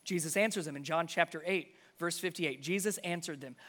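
A man preaching a sermon, emphatic, repeating key phrases and dropping to a hush for stress. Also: high-pitched, brisk, hardly any pauses.

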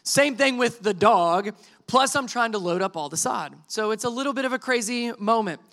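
A man in his thirties preaches through a comic family anecdote, voice pitched high and ringing bright. He acts out each line of dialogue and pokes fun at himself as the story builds toward its lesson. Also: moderate pace. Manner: animated storytelling, acts out quotes, self-deprecating asides. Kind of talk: sermon illustration told as a story.

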